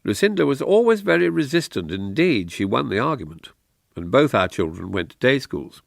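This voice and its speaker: A wry, gravelly older politician. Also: male voice, medium pitch, big pitch swings, no room sound, clean studio sound. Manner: reflective, wry, slow delivery. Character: retired politician and barrister, husband of a vanished wife. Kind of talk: radio drama acting.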